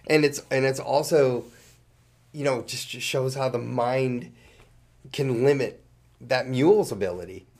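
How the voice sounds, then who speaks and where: A man's voice: mid-range voice, a little slow, pauses often, a little mellow. A man co-hosting a podcast in casual chat, prompting his partner and musing in a conversational way. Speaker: podcast co-host.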